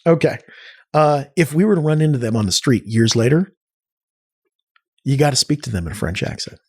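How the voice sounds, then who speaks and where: Animated male podcast guest telling stories. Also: medium pitch, a little fast, slightly rough. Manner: animated storyteller, frequent restarts and acted-out quotes. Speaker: podcast guest, arts nonprofit cofounder. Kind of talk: casual conversational storytelling.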